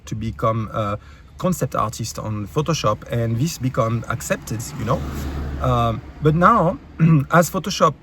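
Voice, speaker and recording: A man with a French accent, a YouTube creator, ranting in a heated, sarcastic and profane way, with many halting fillers and restarts. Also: medium pitch, fairly bright tone, slight background noise. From France. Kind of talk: ranting vlog commentary.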